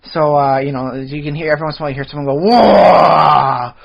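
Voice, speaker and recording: A man chatting on a podcast in a quick, rambling stream, full of "uh" and restarts. His voice sits a bit high for a man. The recording is dull and lo-fi. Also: little pitch movement. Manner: rambling, many fillers and restarts. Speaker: podcast co-host. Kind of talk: casual chat.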